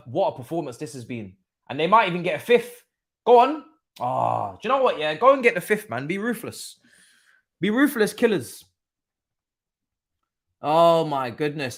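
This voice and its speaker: A man hosting a live football watchalong stream, chatting through the match as a fan and bursting into shouts at big moments. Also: fairly high pitch. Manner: excitable, erupts into shouts and laughs at goals. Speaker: watchalong host.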